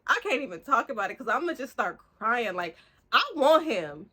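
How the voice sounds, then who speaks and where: A bright, fairly high-voiced young woman gushes about a book she loves. She rambles in a loose, excitable way, full of fillers and slang, like a casual chat with her viewers. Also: moderate pace. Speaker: book reviewer. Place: room at home, street outside.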